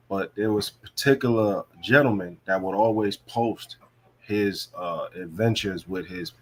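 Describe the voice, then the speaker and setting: A man's voice: sits low, a little hiss or hum. A man from the US Northeast talking on an online panel, asking questions in a loose, conversational way. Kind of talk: casual online panel chat.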